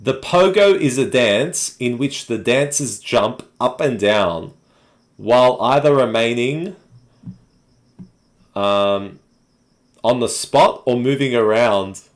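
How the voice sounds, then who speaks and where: An Australian man hosting a casual live chat stream and talking to viewers in a relaxed, rambling way with many fillers. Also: mid-range voice, slow, pauses often.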